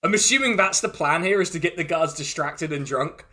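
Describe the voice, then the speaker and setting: A man's voice: fairly high pitch, brisk, bright, forceful tone. A man running a tabletop game as game master, rambling loosely and laughing often.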